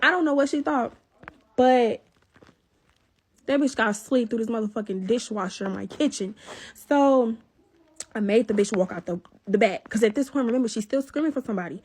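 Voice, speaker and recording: High husky woman telling a story. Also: brisk, pauses often. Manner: animated, profane, talks straight to viewers. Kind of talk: casual storytime vlog.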